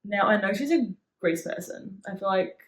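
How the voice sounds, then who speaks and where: A woman's voice: mid-range voice, normal speed. A young woman guesting on a podcast, chatting easily with her best friend, agreeable and full of fillers. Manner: easygoing, agreeable, lots of "yeah" and "like". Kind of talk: casual chat. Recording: roomy echo.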